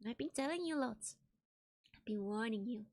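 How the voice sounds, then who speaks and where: A woman's voice: a little high, lively intonation, normal speed. A young woman streaming, chatting casually with viewers, giggling often and repeating her greetings.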